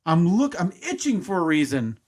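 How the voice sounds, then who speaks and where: A man co-hosts a laid-back podcast, ribbing his friend with dry, deadpan jokes. His voice sits a little higher than most men's. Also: normal speed. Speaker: podcast co-host. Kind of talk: casual chat.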